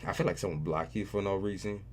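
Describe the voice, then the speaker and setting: A man's voice: low-pitched, fairly even intonation, quick pace, darkish tone, slight background noise. A man giving a tarot reading on a livestream, talking casually and profanely, often repeating phrases for emphasis. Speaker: tarot reader.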